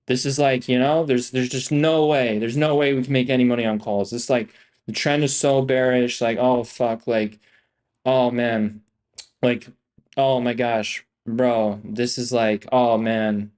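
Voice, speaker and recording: A man's voice: mid-range voice, darkish tone. A young man giving casual live-stream trading commentary, hyped and profane, full of slang and repetition as he talks to his viewers. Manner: hyped, profane, slangy, repeats himself, calls viewers "bro" and "guys". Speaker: day trader streaming live.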